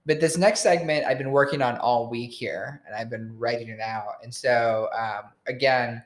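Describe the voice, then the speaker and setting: A man's voice: mid-range voice, moderate pace. A man co-hosting a casual podcast, jokey and playful, laughing often and now and then making goofy noises, talking into a mic on a stand. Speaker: podcast co-host. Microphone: tabletop mic on a stand.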